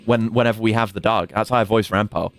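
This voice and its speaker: A man's voice: fairly low pitch, fairly even intonation, fast, faint music behind. A young man casually commenting on a game as he streams, jokey and prone to swearing. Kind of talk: casual game commentary, reading dialogue aloud.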